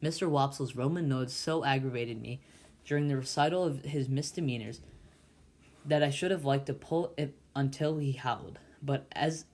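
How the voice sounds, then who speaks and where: A man reads a classic novel aloud in a mid-pitched voice. He is a volunteer reader who stumbles often and restarts his words, with a halting delivery. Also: darkish tone. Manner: halting, with frequent slips and restarts.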